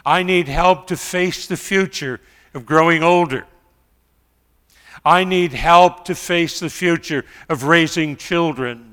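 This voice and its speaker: A middle-aged male pastor preaching a sermon, telling stories quietly and then rising to loud pleas. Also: on the high side, takes it slowly, clean tone, big-room sound.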